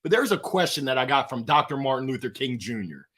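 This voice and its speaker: A middle-aged man telling stories as an interview guest, lively and acting out the voices of people in his anecdotes. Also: medium pitch, quick pace, slightly rough. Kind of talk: animated storytelling.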